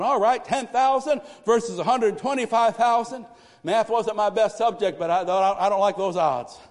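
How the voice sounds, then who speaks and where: Man, pastor, high voice, animated preaching, loud cries and quiet asides, long church reverb. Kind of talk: sermon. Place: church sanctuary.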